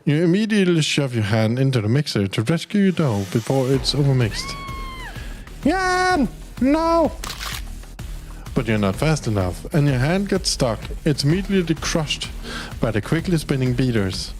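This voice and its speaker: A man's voice: medium pitch, big pitch swings, brisk, a little mellow, soft background music, poor audio. A young man from Denmark streams a dating game, reading its text aloud in a casual, playful way and now and then swearing. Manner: casual and playful, swears, talks to his pet. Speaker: gaming streamer.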